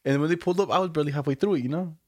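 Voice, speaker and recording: A man's voice: fairly high pitch, rapid-fire, dry recording, clean studio sound. A man co-hosting a podcast, telling stories in loose, slangy, profane casual chat. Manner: laid-back slangy storytelling, lots of profanity. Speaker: podcast co-host.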